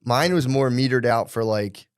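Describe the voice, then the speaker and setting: A middle-aged man with a mid-range voice in a dry, close recording. He rambles and curses loosely through his stories. When he quotes himself he drops into low, muttered asides. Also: normal speed, smooth, no echo. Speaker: podcast co-host. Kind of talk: casual chat.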